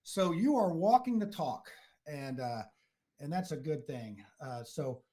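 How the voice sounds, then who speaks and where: Casting: a rambling man hosting a casual talk show, a slightly high voice. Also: lively intonation, a little slow, mellow. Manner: rambling, with many fillers and restarts. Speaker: podcast host. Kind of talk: casual chat.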